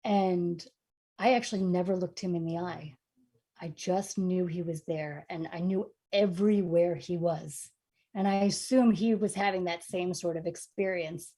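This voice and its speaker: A woman from New York telling a funny personal story on stage, lively and self-mocking, swinging from hushed to loud. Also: on the low side, a little slow. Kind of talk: humorous personal storytelling performance.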